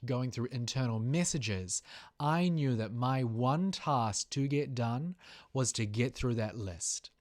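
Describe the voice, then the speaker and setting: A man with a New Zealand accent giving a sales training talk in a measured, deliberate and emphatic coaching manner. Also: medium pitch. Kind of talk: instructional talk to camera.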